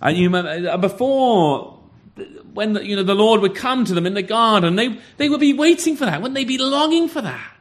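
Male preacher, slightly higher voice, earnest sermon delivery, rhetorical questions. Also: animated, fairly quick. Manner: earnest, repeats words, asks rhetorical questions.

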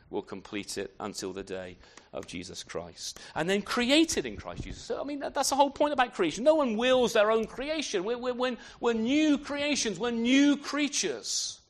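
A man preaching a sermon in an unscripted way, often restarting phrases and asking rhetorical questions. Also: fairly high pitch.

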